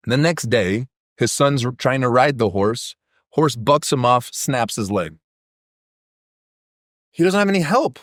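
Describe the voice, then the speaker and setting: A man's voice: mid-range voice, expressive, a little slow, long pauses, dry recording, studio quality. A man with Polish as his first language, a podcast guest talking casually, a blunt, profane, rambling storyteller.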